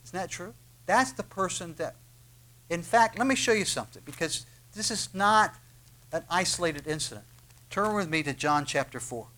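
Man, sermon, dramatic delivery, raised pitch, hushed then loud. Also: lively intonation, normal speed, poor audio. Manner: dramatic, acts out the story in quoted voices. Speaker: preacher.

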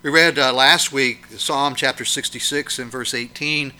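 A man's voice: medium pitch, steady tone, a little slow, bright, forceful tone. A man preaching a sermon, emphatic and questioning, his voice swelling and dropping to press each point.

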